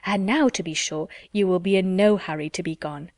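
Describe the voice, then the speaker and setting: A woman's voice: fairly low pitch, brisk, darkish tone, no echo, close to an everyday voice. Woman narrator doing sly young lady, sugary and insistent, storybook read, dry close sound. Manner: emphatic, over-sweet insistence. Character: gushing, sly young woman, needling rival.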